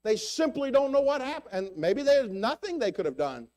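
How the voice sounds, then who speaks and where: An older man preaching in church, his voice sitting high for a man. He talks in a loose, halting way, full of restarts and fillers, and pushes his voice up when he asks rhetorical questions. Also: very animated, a little mellow. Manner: rises in pitch for rhetorical questions. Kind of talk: sermon.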